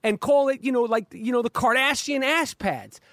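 Man, high voice, dry close sound, rambling profane podcast host, stammers and restarts. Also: moderate pace, a bit bright, no echo. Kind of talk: casual podcast chat. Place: backyard, outdoors. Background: dog barking.

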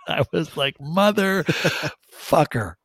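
A man from Bermuda co-hosting a podcast, telling a story in casual chat, animated and joking, with the odd swear for laughs. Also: mid-range voice, no echo. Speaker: podcast co-host.

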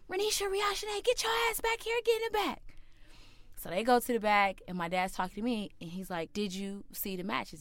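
A young woman tells a personal story with animated energy, leaping into high, loud voices for the people she quotes. Her voice is smooth and slightly low. The sound is dry and close. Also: no room sound. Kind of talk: personal story told to a listener.

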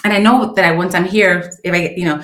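A woman's voice: lowish voice, steady tone, fast talker, a bit bright. A young adult woman co-hosting a podcast, telling a personal story casually and emotionally, with many restarts. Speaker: podcast co-host. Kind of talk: casual chat. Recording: roomy echo.

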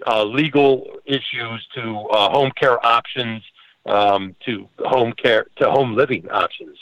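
A man's voice: medium pitch, a little slow, fairly bright tone, no echo, highs cut off. A man who runs a home care business talking earnestly on a podcast panel, with frequent restarts and fillers. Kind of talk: conversational guest talk.

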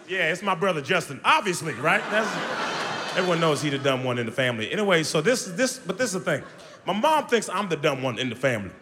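A man doing an animated stand-up comedy routine with playful crowd work, loud and lively, recorded live on stage. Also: fairly high pitch. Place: live show venue with audience. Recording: live stage mic, hall echo, crowd laughter.

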